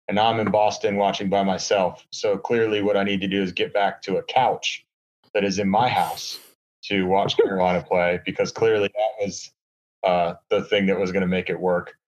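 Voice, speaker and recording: A man's voice: lowish voice, highs cut off. A man on a podcast, chatting casually and sarcastically with lots of fillers, from a hotel room. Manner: rambling, sarcastic, many fillers. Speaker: podcast co-host. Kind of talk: casual chat.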